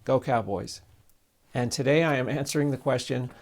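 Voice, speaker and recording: A man in his sixties tells a relaxed anecdote straight to the camera, his voice gravelly and sitting at an ordinary middle pitch. He talks in a folksy, easygoing way, pausing often on uhs and ums as he works through the story. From Southern Nevada. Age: 60s. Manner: folksy storytelling with frequent fillers. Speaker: real estate agent. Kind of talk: direct-to-camera talk with anecdote.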